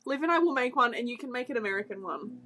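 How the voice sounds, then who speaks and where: A young Australian woman co-hosts a casual podcast, her voice a little high, expressive, very fast and a bit bright. She rambles through stories in a chatty way, packing them with fillers like "like" and "um."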